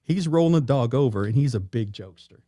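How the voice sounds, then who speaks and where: A man's voice: medium pitch, fast, no echo, clean studio sound. A middle-aged man, a retired police sergeant telling a story as a podcast guest and acting out the voices in it. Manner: animated, acts out quoted voices. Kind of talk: casual storytelling. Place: studio.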